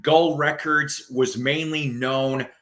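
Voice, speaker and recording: A man's voice: on the high side, fairly even intonation, slow, fairly bright tone. A man hosting a casual chat show, rambling enthusiastically about old records and bands and swearing now and then. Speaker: host.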